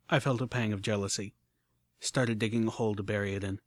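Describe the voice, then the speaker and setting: A man narrating a story in the first person with expressive, animated delivery. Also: fairly low pitch, fast talker, no room sound, clean studio sound. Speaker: audiobook narrator.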